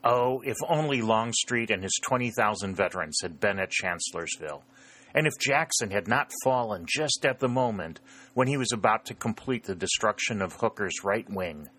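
A man narrating a historical novel in a steady, measured reading. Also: on the low side. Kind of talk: storybook narration.

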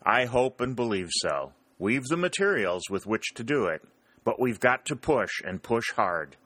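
Man reading as a commanding colonel, emphatic, bright forceful tone, dry sound. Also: mid-range voice, big pitch swings, measured pace, no echo. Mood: explaining. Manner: emphatic, exclaiming. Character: commanding middle-aged male Union colonel, emotional.

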